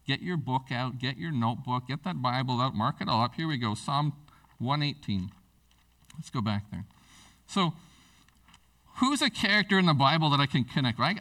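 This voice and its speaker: A man preaching a sermon as pastor, earnest and lively, often restarting his words. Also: medium pitch. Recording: voice from a distance from the mic.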